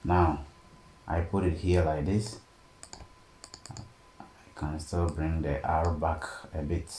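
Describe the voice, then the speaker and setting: A man teaching a design software tutorial step by step and often checking in with "okay?". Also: very deep voice, slow. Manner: steady step-by-step explaining, frequent "okay?" check-ins. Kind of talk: screen-recorded tutorial narration. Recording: echoey room, faint background noise.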